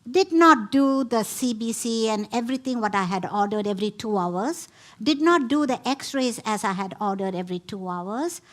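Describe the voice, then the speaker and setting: A woman's voice: fairly high pitch, expressive, moderate pace. A middle-aged woman giving a talk, retelling a story emphatically with quoted dialogue. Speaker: speaker at a spiritual center.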